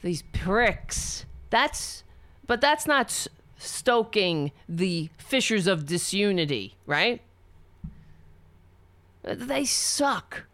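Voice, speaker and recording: Woman ranting at a clip, sarcastic, voice jumps all over, slow when she mutters. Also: medium pitch, animated, dry recording. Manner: sarcastic, swings from loud ranting to muttering while searching. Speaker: commentator reacting to a video. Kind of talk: casual reaction commentary.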